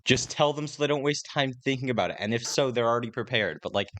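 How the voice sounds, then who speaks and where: A man's voice: medium pitch, fast, fairly bright tone, no echo. A teenage boy giving a casual, rambling voice-over commentary, complaining dryly and restarting his sentences often. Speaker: gaming commentator.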